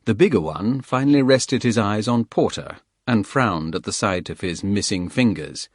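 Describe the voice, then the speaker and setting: A man narrating a thriller audiobook in a steady, plain storytelling manner. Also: lowish voice, normal speed, no echo, studio quality.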